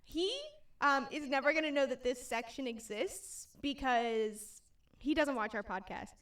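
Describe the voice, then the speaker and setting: Her high, bright voice moves a little slowly as this young woman co-hosts a casual podcast, telling stories in an animated, giggly way. Because she sits a bit back from the mic, she sounds slightly distant.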